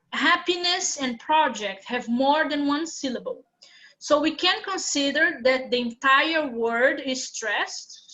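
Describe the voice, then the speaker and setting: A woman's voice: high voice, pushed and bright, rough recording. A woman teaching an English class live online, patiently explaining things step by step.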